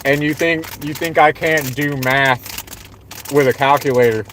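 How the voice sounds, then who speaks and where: A man's voice: a little high, steady tone, measured pace, fairly bright tone, slight background noise. A young man from Southwest Florida with a Southern American accent, ranting sarcastically on a livestream and repeating his jabs over and over. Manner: sarcastic, repetitive, mocking. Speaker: livestream host.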